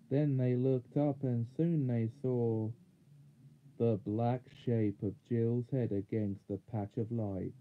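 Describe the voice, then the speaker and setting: A man reading a children's fantasy chapter aloud in steady storybook narration. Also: mid-range voice, slow. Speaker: audiobook reader. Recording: narrow phone-like sound.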